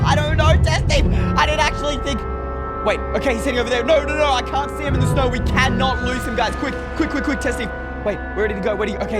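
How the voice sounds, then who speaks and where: A man narrating a survival game as he plays, excitable, often calling out to his viewers. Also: high-pitched. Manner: excitable, talks to viewers as "guys". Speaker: gaming video creator. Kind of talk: let's play commentary.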